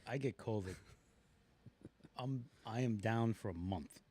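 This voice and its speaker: A man's voice: on the low side, takes it slowly, darkish tone, a little hiss or hum. A middle-aged man co-hosting a podcast, telling funny stories animatedly and laughing through them. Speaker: podcast co-host. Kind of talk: casual storytelling.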